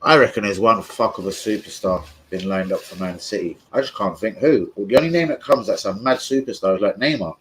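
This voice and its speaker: A man's voice: lowish voice, a little fast, few pauses, heavy background noise. A young man ranting in a rambling, sweary livestream chat about football. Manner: rambling, sweary, loses his thread. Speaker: football fan streamer.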